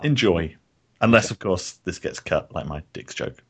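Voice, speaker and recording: A man with a very low, deep voice chats on a podcast. His humour is dry and deadpan, delivered matter-of-factly. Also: normal speed, breathy edge. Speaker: podcast co-host. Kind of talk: casual chat.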